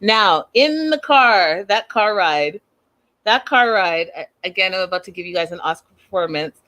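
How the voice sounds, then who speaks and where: A woman hosting a casual recap, talking in an animated, sassy, slangy way. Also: mid-range voice, moderate pace. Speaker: host.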